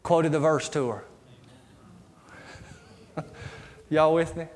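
A middle-aged man preaching a sermon as pastor, asking his congregation rhetorical questions in an animated way. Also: on the high side, drawn-out words. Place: church sanctuary. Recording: live church recording with reverb and music.

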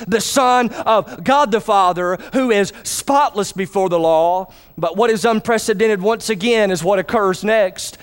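A man's voice: very high voice, fairly bright tone. A man preaching a sermon in church who calls for responses from the congregation.

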